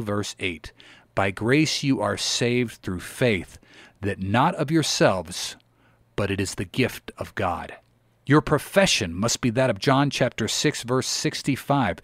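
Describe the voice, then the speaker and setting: A man reads an old sermon aloud with solemn, pleading emphasis, like a preacher from the pulpit. His voice sits at a medium pitch and is recorded very dry and close, with almost no room sound. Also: dry recording. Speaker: sermon reader. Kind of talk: dramatic reading of an old sermon.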